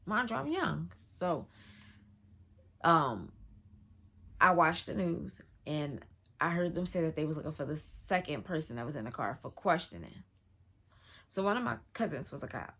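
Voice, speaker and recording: A woman's voice: deep voice, sing-song, unhurried, long pauses, fairly bright tone, slightly rough. A woman vlogger telling a personal story in a casual storytime, slangy and loose, full of "like" fillers.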